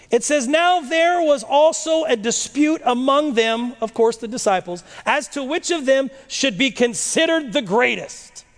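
A male preacher with a high, very lively voice that swoops up and down as he reads scripture and questions his listeners. His words ring out with a long echo, as in a large hall. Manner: animated, rhetorical questions, dramatic slow readings. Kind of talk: sermon reading and explaining scripture.

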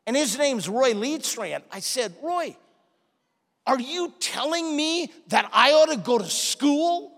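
A man preaching a sermon, telling a story and acting out the people in it with animated delivery. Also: very high voice, slow pace. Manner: animated, acts out quoted people. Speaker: pastor. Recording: long hall reverb.

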